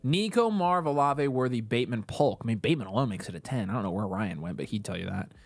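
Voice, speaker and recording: A man hosting a relaxed livestream, loose and joking, who reads the chat and thanks viewers as he goes. His voice sits in the middle of the male range. The sound is close and dry, with no room echo. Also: mid-range voice, fast. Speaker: livestream co-host.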